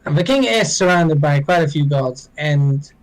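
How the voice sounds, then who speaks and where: A man narrating as dungeon master in a tabletop game, pausing often with ums and uhs. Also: fairly high pitch, animated, low-quality recording. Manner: unhurried, halting, with many ums.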